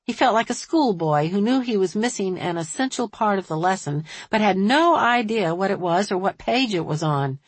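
A woman narrating a novel in an even, measured reading voice. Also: mid-range voice, breathy edge, no room sound. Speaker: audiobook narrator. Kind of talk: scripted narration.

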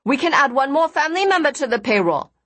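A man's voice: extremely high pitch, big pitch swings, quick pace, a bit bright, pitched above the performer's own voice, heavily acted. A woman voicing a jovial middle-aged man who runs a family business, talking proudly and teasing his guest. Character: jovial middle-aged male company boss, proud father.

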